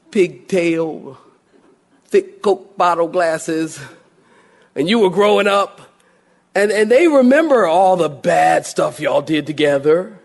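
A middle-aged man from Philadelphia preaches a sermon. His voice sits a little high for a man. He tells stories and acts out little voiced exchanges as he goes. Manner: storytelling with lively voiced asides and laughs. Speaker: pastor.

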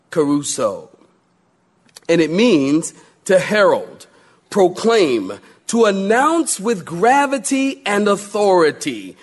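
A male pastor preaching a sermon with emphatic repetition and animated storytelling. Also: a little high, a little slow.

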